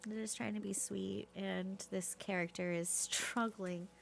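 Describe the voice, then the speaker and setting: A woman talks her way through a game stream at an unhurried, drawn-out pace, her voice settling into a low vocal fry. She reacts aloud and laughs often. A faint hiss sits under her desk microphone. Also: steady tone. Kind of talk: casual game-stream commentary. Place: home streaming setup.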